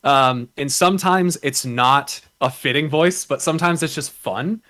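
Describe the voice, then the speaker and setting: A man's voice: on the high side, measured pace, pushed and bright, no room sound. Profane rambling male gamer guest. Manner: rambling, loose and profane, with many restarts. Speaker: podcast guest, game streamer. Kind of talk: casual podcast chat.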